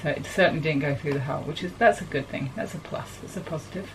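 A woman's voice: low voice, quick pace, slight background noise, rough recording. A woman from New Zealand with a New Zealand accent, a sailing vlogger talking casually and matter-of-factly to camera aboard a sailboat.

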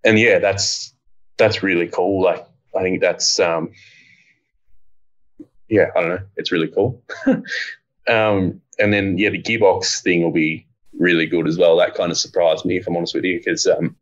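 A low-pitched man in relaxed podcast chat. He rambles with plenty of fillers and swears offhandedly. The audio sounds muffled and lo-fi. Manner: rambling, laid-back, swears casually. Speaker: co-host, bike part designer.

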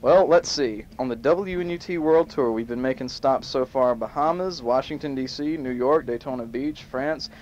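A man's voice: medium pitch, normal speed, hardly any pauses, a little mellow, slight background noise. Man hosting a muffled home-tape show. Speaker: host. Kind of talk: amateur home-made show, reading a list aloud.

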